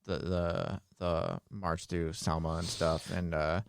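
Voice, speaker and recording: Low gravelly young man, relaxed. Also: slow. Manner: relaxed, chimes in with short reactions. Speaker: co-host. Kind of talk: casual chat.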